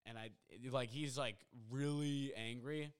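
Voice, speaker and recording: A young man hosting a podcast alone from his apartment, telling a story in a rambling, excitable way full of fillers. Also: medium pitch, measured pace, clear, resonant tone. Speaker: podcast host. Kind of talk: casual storytelling monologue. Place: apartment at home.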